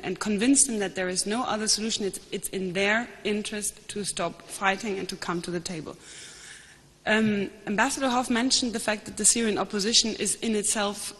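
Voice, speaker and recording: A woman panelist giving an analytical, measured conference talk, often restarting her sentences. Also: mid-range voice, husky. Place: large conference hall. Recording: long hall reverb.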